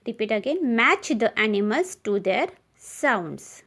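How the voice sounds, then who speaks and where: A woman teacher with an Indian English accent, leading young children through a slow classroom recitation and spelling each word letter by letter. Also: on the high side, big pitch swings, a bit bright. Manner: spells words letter by letter and repeats them.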